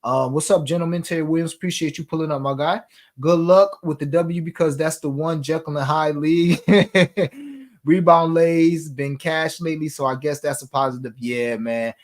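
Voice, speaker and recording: A man's voice: a little high, moderate pace. Laid-back man hosting a betting show. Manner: laid-back, slangy, reads viewer comments aloud. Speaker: sports betting show host. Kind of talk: casual chat reading live comments.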